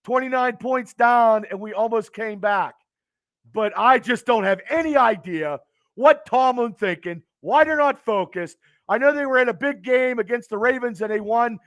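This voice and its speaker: Guy venting at home on a late-night stream, high-pitched, keeps stammering and swearing. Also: a bit bright, dry recording, clean studio sound. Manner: frustrated, stammering, cursing. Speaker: fan show host.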